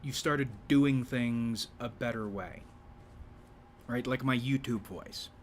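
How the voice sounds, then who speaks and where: A man hosting a YouTube channel in a rambling, casual monologue, speaking in a deliberately low register with a slight vibrato. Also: slight background noise. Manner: rambling, with frequent restarts and profanity.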